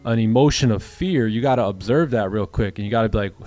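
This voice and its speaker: A man's voice: on the low side, fast, few pauses, a little mellow, soft background music. A man hosting a live trading stream, answering chat questions in a rambling, casual way and often repeating words. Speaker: trading livestream host.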